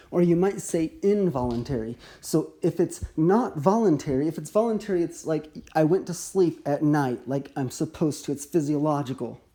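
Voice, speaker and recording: A man in his thirties, a medical educator, explaining a topic in a measured recorded lesson with occasional restarts. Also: a little high, warm tone. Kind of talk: recorded teaching overview.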